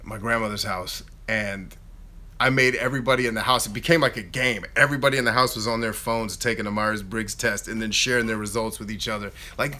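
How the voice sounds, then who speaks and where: A man in his thirties hosting a casual live Q&A, chatting in an animated way and reading out viewer questions. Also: fairly low pitch, brisk. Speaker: YouTube host answering live chat.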